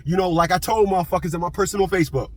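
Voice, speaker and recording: A man's voice: high voice, very fast. A man in his fifties telling a story in a blunt, profane casual monologue, repeating himself as he goes. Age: 50s.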